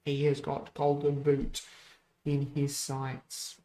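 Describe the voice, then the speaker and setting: A man talks casually through his own gameplay in a relaxed let's-play style, with a mid-range voice. He rambles and corrects himself as he goes, and he cheers whenever his side scores. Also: medium pitch, slow pace. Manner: chatty, rambling, self-correcting, excitable over goals. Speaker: gaming channel host.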